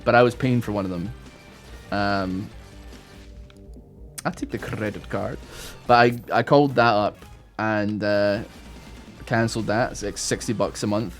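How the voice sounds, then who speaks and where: Rambling, swearing gamer over faint music. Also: male voice, fairly low pitch, measured pace, pauses often. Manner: rambling, animated storytelling with frequent swearing. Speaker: gaming YouTuber. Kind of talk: casual gameplay commentary.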